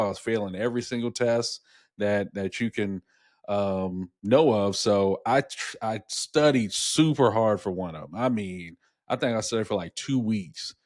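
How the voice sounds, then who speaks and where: A middle-aged man co-hosts a casual podcast, his lowish voice captured dry and at studio quality. He rambles through stories, repeating words and saying "you know" a lot.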